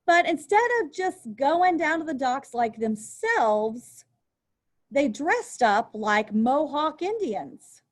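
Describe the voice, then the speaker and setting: A woman teacher with a high, sing-song voice speaks slowly in a recorded lesson. Sitting at a desk with a workbook, she reads a text aloud, then talks it through in a chatty manner, dropping in casual asides.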